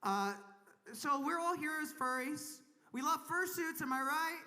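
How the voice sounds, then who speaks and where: Bright high-voiced crude woman comedian. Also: lively intonation, unhurried, a faint crowd. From Kentucky, USA. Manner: crude, self-mocking, laughs at own jokes. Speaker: stand-up comedian. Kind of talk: stand-up comedy set. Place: convention main stage in a large hotel.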